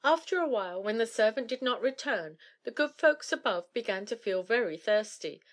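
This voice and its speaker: Woman calmly reading an old fairy tale. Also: on the high side, normal speed. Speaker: narrator. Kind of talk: storybook reading.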